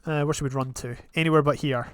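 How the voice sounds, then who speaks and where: A man's voice: fairly high pitch, quick pace, no echo. Chatty young man narrating his gameplay. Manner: chatty, rambling, with sudden excited outbursts. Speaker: gaming channel host. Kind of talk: casual gameplay commentary.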